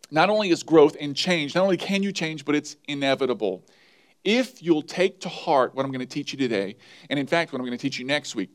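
A man preaching a sermon, acting out his own pleading prayers as he tells stories. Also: a little high. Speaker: pastor.

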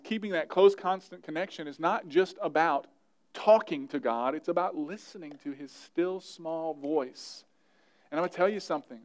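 Casting: male pastor, sermon delivery, high-pitched, earnest and conversational, light humor, hushes for prayers. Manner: earnest, conversational preaching with humor, drops to a soft voice for quoted prayers.

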